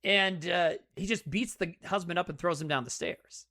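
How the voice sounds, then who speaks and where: A woman's voice: fairly low pitch, moderate pace. A woman co-hosting a podcast, recapping a movie in casual, profane chat. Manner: animated, profane movie recap full of acted quotes. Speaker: podcast co-host.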